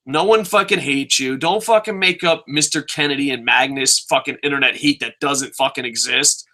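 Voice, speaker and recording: Young man, wrestling review rant, sarcastic, swears a lot, tense bright voice. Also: mid-range voice, moderate pace. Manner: sarcastic, swears constantly, acts out quotes. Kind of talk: profane ranting review.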